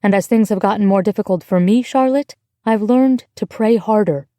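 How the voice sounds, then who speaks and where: A woman voicing a kind, steady American woman who comforts a frightened girl in a gentle but firm way. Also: medium pitch, moderate pace, no echo, lightly acted. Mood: reassuring.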